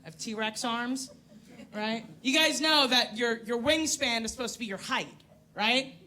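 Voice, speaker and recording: A woman's voice: on the high side, measured pace. A woman in her thirties from New York doing a crude, self-mocking stand-up set on a comedy club stage. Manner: brash, crude, self-mocking, loud put-on voices in bits.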